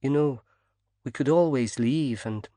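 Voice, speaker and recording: A woman's voice: extremely low pitch, a little slow, a little mellow, no room sound. A man reading a flirtatious, teasing woman in an audiobook. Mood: flirty. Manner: teasing, breezy. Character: flirty worldly woman, club regular.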